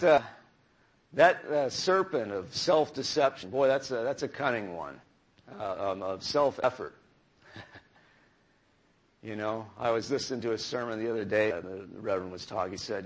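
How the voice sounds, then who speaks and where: A man preaching a conversational sermon, often restarting phrases and asking the congregation questions. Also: mid-range voice.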